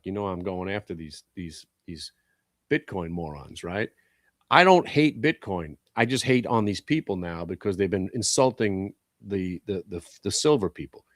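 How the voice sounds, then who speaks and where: A man with a low, voice runs live trading commentary on a stock show. He talks bluntly, swearing at stocks and getting worked up. The sound is dry and close. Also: dry recording. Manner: blunt, animated, swears and yells at the market.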